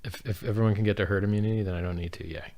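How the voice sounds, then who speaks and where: A man with a very low voice hosts a casual livestream and answers chat questions. He talks in a blunt, profane, offhand way. The close, dry sound comes from a studio dynamic mic fitted with a foam pop filter. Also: fairly even intonation, very fast, a little mellow.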